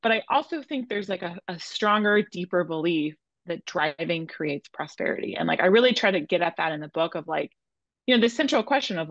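A woman with a low voice and a gravelly fry talks through her reporting in an easy, conversational way, sprinkling in lots of "like". Her audio is dry, close and somewhat muffled. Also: dry recording. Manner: chatty, many "like" fillers. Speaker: journalist and author guest. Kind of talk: conversational podcast interview.

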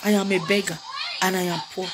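Crying, a young woman with a Nigerian accent makes an emotional, repetitive appeal in public for help as a mother. Her mid-range voice stays level and quick, while loud background music creates heavy noise over the recording.

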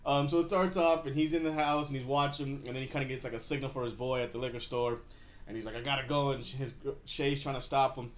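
A man's voice: mid-range voice, fairly even intonation, quick pace. A man hosting a casual TV episode recap, laid-back and rambling, chuckling often as he talks. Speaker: show host.

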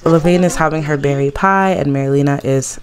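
A woman's voice: sits low, a little fast. Chatty woman narrating a life-sim game. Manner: chatty, gossipy, laughs often. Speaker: let's play host. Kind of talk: casual game commentary.

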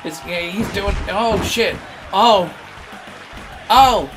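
A British man giving excitable, crude play-by-play of a mock wrestling battle, jumping between yelling and mumbling. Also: high-pitched, very slow, music in the background, a crowd in the background. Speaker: comic wrestling commentator. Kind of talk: over-the-top play-by-play commentary.

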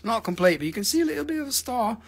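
A middle-aged man with a Southern American accent, hosting a live rock sale in an excitable, rambling, foul-mouthed way. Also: extremely high pitch, rapid-fire, vocal fry. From Southern United States. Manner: excitable, rambling, swears a lot. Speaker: host selling rocks. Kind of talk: live sales stream chat.

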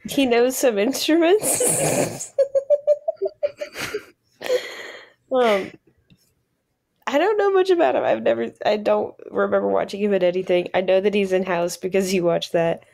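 A woman's voice: mid-range voice, normal speed, creaky, darkish tone. A young woman co-hosting a podcast, chatting casually with lots of hesitations and giggles. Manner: hesitant, filler-heavy, giggly. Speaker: podcast co-host. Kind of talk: casual chat.

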